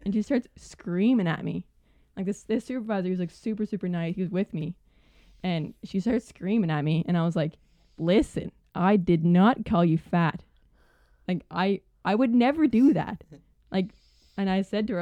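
A young woman telling a work story casually on a podcast, animated and full of "like" fillers. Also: medium pitch, a little fast, no echo, dull audio.

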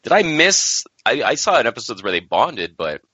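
A man co-hosting a casual podcast chat, talking in a lively, offhand way. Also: medium pitch, moderate pace, breathy edge, dry recording. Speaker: podcast co-host. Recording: dull lo-fi podcast audio.

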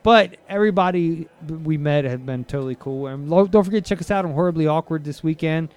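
A man's voice: fairly high pitch, fast talker, darkish tone. A man co-hosting a podcast in casual chat, rambling and jokey with lots of fillers. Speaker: podcast co-host.

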